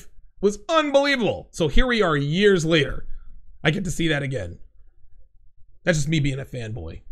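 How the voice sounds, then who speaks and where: A man hosting a livestream, reading out chat comments in blunt, profane, excitable casual talk. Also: sits high, gravelly.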